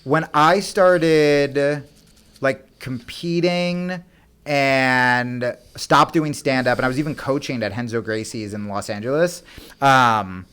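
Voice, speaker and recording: A man's voice: mid-range voice, slow pace, smooth. Profane, rambling man telling stories. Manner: rambling, profane, animated anecdotes with many fillers. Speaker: podcast guest, comedian. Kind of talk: casual storytelling chat.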